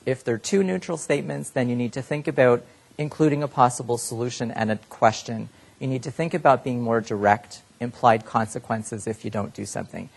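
Male health educator, direct, plain lecture delivery, mid pitch. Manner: plain-spoken, addresses audience directly. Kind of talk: live lecture to clinicians.

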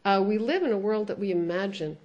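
A woman giving a conference lecture as a sociolinguist, thoughtful, often pausing with "uh" and slipping between English and French. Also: medium pitch, expressive, a little mellow, dull audio.

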